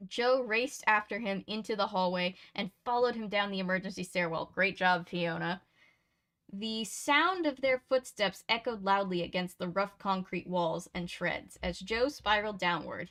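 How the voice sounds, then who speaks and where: A woman's voice: mid-range voice, a bit bright. A woman reading a mystery novel aloud and breaking off for chatty, laughing commentary and self-corrections. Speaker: reader and channel host.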